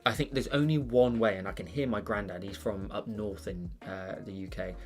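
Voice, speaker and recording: A man's voice: lowish voice, steady tone, normal speed, darkish tone, soft background music. A British man hosting an art channel, chatting casually on a live stream while he draws, rambling with lots of fillers and restarts.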